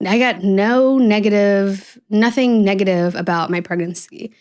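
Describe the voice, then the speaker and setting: A woman's voice: medium pitch, takes it slowly, a little mellow, clear, resonant tone. Young female podcast host, casual confessional chat, loose and rambling, many fillers. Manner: candid, rambling, full of fillers.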